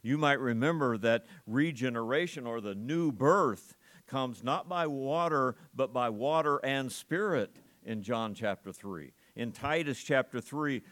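A male pastor with a mid-range, fairly bright voice preaches a sermon at a church service. He is emphatic and fills his message with rhetorical questions for the congregation.

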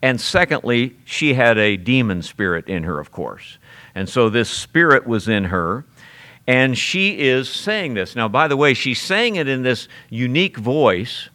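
A man preaching an expository sermon, telling the story in an animated way and briefly acting out the characters. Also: medium pitch, measured pace.

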